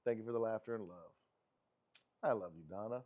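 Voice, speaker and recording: A man hosting a sports live stream, reading viewer messages aloud in an animated, affectionate way. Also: fairly quick, muffled recording. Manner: animated and affectionate, with frequent laughs and pitch jumps.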